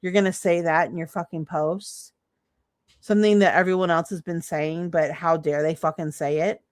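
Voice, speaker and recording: A woman's voice: fairly low pitch, steady tone, moderate pace, dry recording, studio quality. A woman streamer reacting to clips in casual commentary, laughing, mocking and swearing freely.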